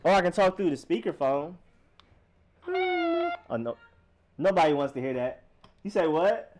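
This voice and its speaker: Rambling young man hosting a live stream. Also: moderate pace. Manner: rambling, playful, lively swings in pitch. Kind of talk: casual live-stream chat.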